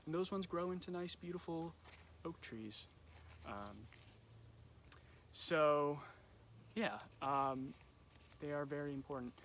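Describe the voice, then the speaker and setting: A man's voice: on the high side, slow pace, pauses often, a bit bright, slight background noise. A young man running casual nature trivia for kids on a live stream, chatty and loose, with lots of ums. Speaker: nature center camp educator. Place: nature center. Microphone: phone or camera on a live stream.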